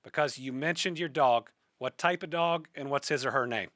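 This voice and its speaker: A man's voice: medium pitch, normal speed, a bit bright, no echo, studio quality. A man with a Kentucky accent hosting a podcast, asking a guest questions and then speaking earnestly and with rising passion on an issue. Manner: fired-up, earnest political speaking. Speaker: podcast host. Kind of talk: interview then spoken commentary.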